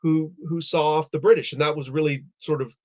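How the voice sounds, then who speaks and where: A man with a somewhat high voice talks through history in a loose, rambling way, often restarting his sentences. His audio is muffled and lo-fi, like a basic stream setup. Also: steady tone, a little fast. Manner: rambling, explanatory, many restarts. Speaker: live stream host. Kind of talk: casual chat. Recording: dull lo-fi audio.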